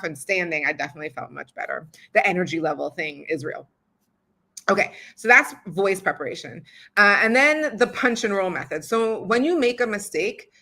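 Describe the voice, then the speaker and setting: A woman's voice: lowish voice, bright, forceful tone. A young woman hosting a podcast, giving a casual how-to talk on recording audiobooks in a chatty, filler-heavy way and laughing often.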